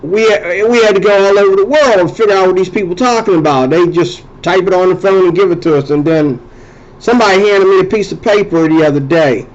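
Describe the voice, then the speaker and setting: In this dull-sounding clip, a male host with a high-sitting voice rambles casually at a slightly quick pace. His talk wanders and loops back on itself, with phrases repeated and restarted.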